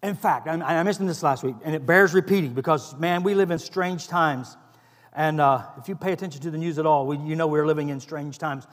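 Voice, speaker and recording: High-voiced preacher in a reverberant hall. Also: male voice, brisk. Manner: earnest, rising to emphatic stress on key phrases. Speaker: pastor. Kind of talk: sermon.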